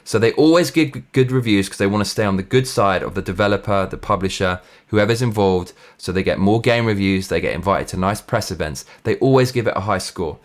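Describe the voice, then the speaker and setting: A man hosting his own show delivers a blunt, profane, sarcastic rant in a lowish voice, brisk and with few pauses. When reading reviews aloud, he puts on a mock Russian accent.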